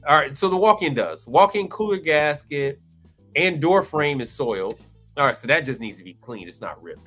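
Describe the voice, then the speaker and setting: A man hosting a live stream on commercial appliance repair, reading through inspection reports with excitable, theatrical exclamations. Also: medium pitch.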